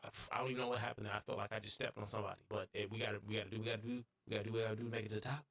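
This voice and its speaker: Excitable husky man streaming a game. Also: racing. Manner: excitable, jokey, breaks into bits of song and sudden high-pitched yelps. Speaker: gaming streamer. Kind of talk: live gameplay commentary.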